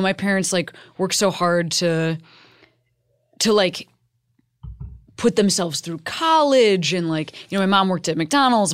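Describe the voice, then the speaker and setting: A woman's voice: fairly low pitch, clear, resonant tone, no echo, clean studio sound. A middle-aged woman hosting a casual chat, reacting effusively and then reflecting.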